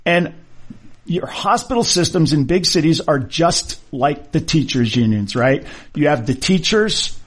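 A man's voice: on the high side, expressive, unhurried, slightly rough. A middle-aged man, a surgeon, talking casually and arguing his point with rhetorical questions. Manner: conversational, argumentative, rhetorical questions. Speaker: orthopedic surgeon. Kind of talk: casual monologue.

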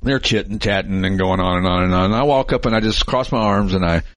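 Quick and low-pitched, this podcast co-host in his late fifties is an animated storyteller who voices the people he quotes as he chats casually. The recording is dry.

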